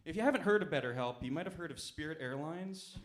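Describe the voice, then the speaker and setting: Young guy doing standup in a club, deadpan, jumpy lively pitch, a bit high for a guy. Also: quick pace, noisy background. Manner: deadpan, self-mocking asides. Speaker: stand-up comic. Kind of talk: stand-up comedy set. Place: comedy club stage.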